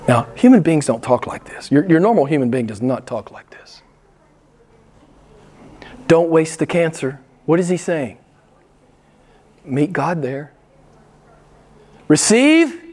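A middle-aged man preaching a sermon, swinging between loud emphatic lines and hushed, whispered asides. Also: medium pitch. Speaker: pastor.

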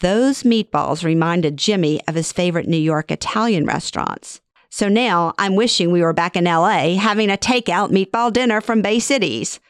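A woman's voice: fairly low pitch, moderate pace, few pauses, smooth, dry recording, clean studio sound. A middle-aged woman reading her own memoir aloud in a wry, conversational way. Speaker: memoir narrator. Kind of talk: first-person storytelling reading.

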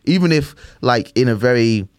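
A man's voice: mid-range voice, expressive, moderate pace, dry recording. A young man hosts a casual podcast with a mid-range voice, rambling through his points and checking in with his listeners. The sound is close and dry. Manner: chatty, rambling, repeats 'do you know what I mean'. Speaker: podcast host.

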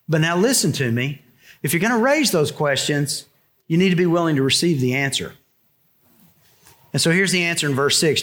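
A middle-aged pastor preaching a conversational sermon with wry asides. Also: male voice, a little high, a bit bright.

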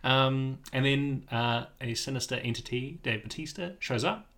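A man's voice: mid-range voice, normal speed, a bit bright. A man co-hosting a podcast in casual chat, rambling and enthusiastic, with frequent restarts. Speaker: podcast co-host.

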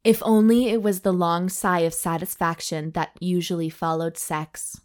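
A woman's voice: fairly low pitch, fairly even intonation, moderate pace, darkish tone. Woman reading a cheeky story aloud. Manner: reads with mock drama, stops to joke and laugh. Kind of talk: comedic reading of an erotic story.

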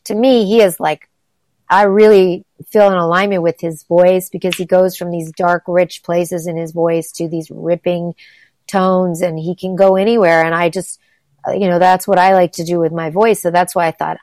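A middle-aged woman from the United States talks in a lowish voice, gushing and rambling with lots of "like" and "um". The sound is dry and close, with little room around it. It is casual interview chat. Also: flat delivery, moderate pace, darkish tone, no room sound. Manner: enthusiastic, rambling, lots of fillers. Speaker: interview guest, singer and voice actress.

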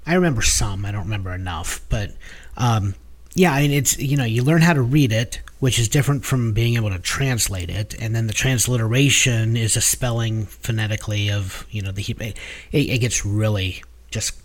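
A man's voice: on the low side, normal speed. A man co-hosting a podcast, explaining things in casual chat with many fillers and restarts. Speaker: podcast co-host.

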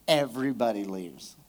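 A man's voice: mid-range voice, expressive, slow pace, darkish tone. A male pastor preaching a live sermon at a church service, talking conversationally and calling out to the congregation for responses.

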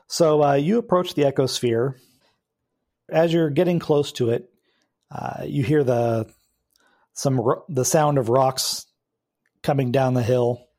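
Mellow man narrating as game master. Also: mid-range voice, measured pace, long pauses. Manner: relaxed, hesitant narration with many fillers.

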